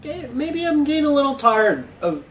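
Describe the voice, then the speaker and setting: A man co-hosting a casual podcast chat, talking haltingly and repeating words. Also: extremely high pitch, sing-song, distant mic, slight background noise. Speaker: podcast co-host. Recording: echoey room, away from the mic.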